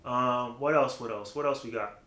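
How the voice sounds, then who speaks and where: A man's voice: medium pitch, moderate pace, pushed and bright. A man giving a casual, rambling vocal technique lesson, full of fillers, who breaks off to demonstrate different voice placements. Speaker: vocal coach. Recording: roomy echo.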